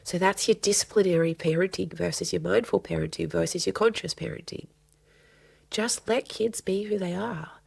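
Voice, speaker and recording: A middle-aged woman counselor who is a guest on a podcast, speaking earnestly and gently and repeating phrases for emphasis. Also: fairly low pitch, moderate pace, creaky, breathy edge, no echo. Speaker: family and child counselor guest. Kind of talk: podcast interview conversation.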